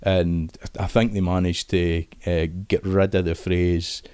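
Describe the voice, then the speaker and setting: Casting note: Scottish man, middle-aged, low voice, dry close sound, chatty interview guest who restarts his sentences. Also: level tone, measured pace, a little mellow, smooth, no room sound. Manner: casual, thinking aloud with frequent restarts. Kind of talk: conversational interview.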